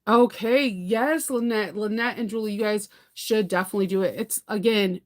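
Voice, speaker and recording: A woman's voice: mid-range voice, moderate pace. A woman hosting a casual sewing livestream, chatting in a rambling way, laughing often and answering viewer comments. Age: adult parent.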